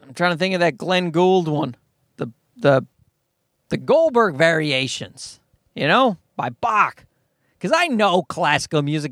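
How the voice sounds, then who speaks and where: A high-voiced middle-aged man rambles through a solo podcast, swearing freely and poking fun at himself. His pitch swings widely from line to line, and the sound is dry and close to the mic. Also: big pitch swings, normal speed, fairly bright tone, no room sound. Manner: profane, rambling, self-mocking. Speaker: podcast host. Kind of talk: casual solo podcast monologue.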